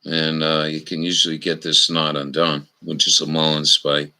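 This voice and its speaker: A man hosting a casual livestream, showing knots slowly and cracking crude jokes with viewers in the chat. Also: a bass voice, completely flat delivery, bright, forceful tone, low-quality recording. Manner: salty, crude humor with frequent swearing; slow, instructional, talking to chat viewers. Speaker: livestream host.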